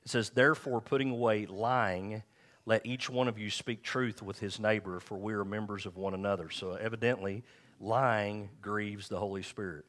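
A middle-aged pastor delivers his sermon in a frank, chatty way, poking fun at himself. His voice sits fairly low, and he slows to a careful pace whenever he reads scripture aloud. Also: fairly even intonation, a bit bright. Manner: conversational, candid, self-deprecating preaching. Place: church.

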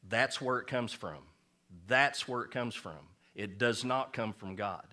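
A man's voice: mid-range voice, a little slow, sharp tone. A man preaching a sermon as pastor, emphatic and folksy, mixing jokes with insistent points.

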